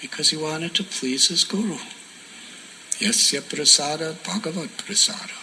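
A man giving a sermon as a devotional story, soft-spoken and often dropping to a near whisper for emphasis. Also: a little high, normal speed, slight background noise, rough recording. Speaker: spiritual teacher.

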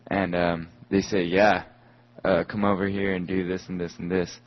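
A man's voice: sits low, flat delivery, normal speed. A man in the audience asking a question, hesitant and searching for his words. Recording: distant, muffled audience pickup.

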